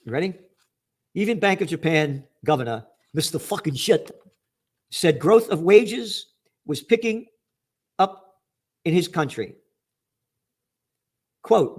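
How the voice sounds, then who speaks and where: Male trends forecaster, slightly raised pitch, angry profane headline rant with sarcastic jabs. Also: lively intonation, moderate pace, pauses often. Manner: angry, profane, sarcastic, swings between shouting and muttering. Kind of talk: ranting news commentary.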